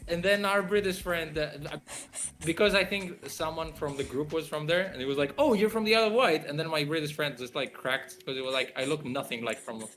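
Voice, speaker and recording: A man's voice: a little high, a little fast, a bit bright. A man chatting on a game dev stream, telling a story with teasing, joking banter. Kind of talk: casual chat.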